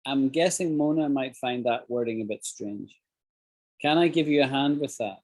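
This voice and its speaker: A man's voice: mid-range voice, moderate pace, darkish tone. A man teaching an English class over a video call, explaining phrases and acting out examples.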